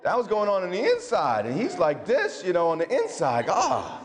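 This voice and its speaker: A male pastor with a notably high voice, preaching in a lively, conversational way. His words ring out with a long reverb in a church hall. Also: moderate pace. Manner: energetic and conversational, with colloquial asides. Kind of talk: sermon.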